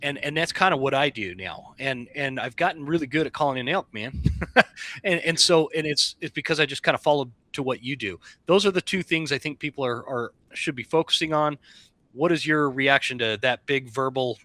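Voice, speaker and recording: A man's voice: medium pitch, brisk, bright, forceful tone, dry recording. A man hosting a podcast, talking casually and at length, restarting phrases before getting to his question. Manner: rambling, self-correcting, talks at length before asking. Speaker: podcast host.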